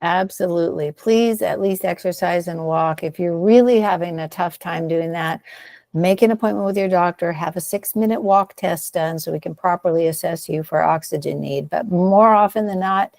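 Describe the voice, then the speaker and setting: Woman, respiratory therapist, podcast co-host, lowish voice, gravelly, dry, upbeat coaching. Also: normal speed, a little mellow, no echo. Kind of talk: casual health podcast chat.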